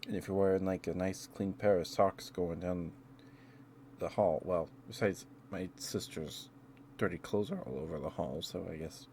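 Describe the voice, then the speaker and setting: Low-voiced man rambling casually. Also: normal speed, darkish tone, a little hiss or hum. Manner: rambling, self-interrupting, chuckling. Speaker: ASMR streamer.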